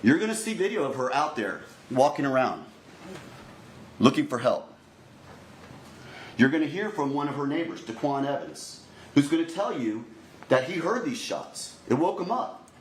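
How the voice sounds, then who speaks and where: A man's voice: mid-range voice, big pitch swings. Man giving an opening statement in an echoey courtroom. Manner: deliberate, repeatedly addressing the jury directly. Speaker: prosecutor. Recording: echoey courtroom recording, faint noise.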